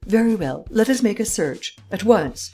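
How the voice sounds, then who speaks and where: A woman's voice: medium pitch, animated, normal speed, mellow, soft background music, pitched above the performer's own voice, natural voice. A woman playing a dry, curt English detective. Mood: crisp. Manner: dry, crisp, clipped.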